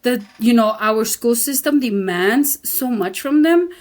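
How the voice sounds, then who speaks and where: A woman in her fifties from El Paso speaks as a podcast guest in a fairly high voice. She tells her stories frankly and emphatically, acting out what people said and laughing a lot. Spanish phrases slip into her talk. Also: unhurried. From El Paso, Texas. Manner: animated storyteller who acts out quotes and laughs often. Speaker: podcast guest, community founder. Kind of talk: casual conversation, switching into Spanish phrases.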